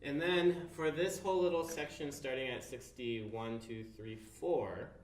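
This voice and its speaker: A man's voice: medium pitch, a little hiss or hum. A man teaching a cello part step by step, counting the beats aloud with patient instructions. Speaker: music teacher. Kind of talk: instrument tutorial. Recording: roomy, distant mic with cello playing.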